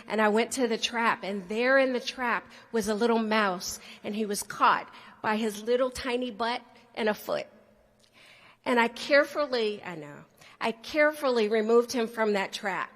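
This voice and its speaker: A woman's voice: a little high, fairly bright tone, in a large hall. A woman telling a playful personal story to a student audience, often speaking to the crowd directly. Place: large hall.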